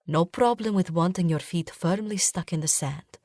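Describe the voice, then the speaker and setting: Woman reads a jealous young sultan husband in a storybook, terse, lowish, dry close sound. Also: moderate pace, a little mellow, no echo, close to an everyday voice. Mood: guarded.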